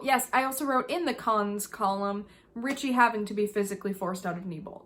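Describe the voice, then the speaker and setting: Vlogger woman, fairly high voice, animated and exasperated casual rant. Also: normal speed, few pauses. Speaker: video creator. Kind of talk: casual review vlog.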